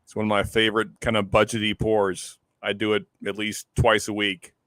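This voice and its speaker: A man's voice: on the low side, completely flat delivery, moderate pace, fairly bright tone, dry recording. A man hosting a casual whiskey live stream, easygoing, often repeating words as he starts a sentence. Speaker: whiskey show host. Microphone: close desk microphone.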